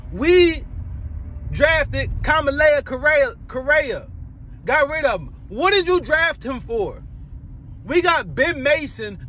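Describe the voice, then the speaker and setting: A man rants in a strikingly high voice, profane and worked up. He repeats himself as he vents to his followers. Faint traffic hum sits behind him outdoors. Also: sharp tone. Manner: profane, heated, repetitive. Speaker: fan vlogger. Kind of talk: angry fan rant.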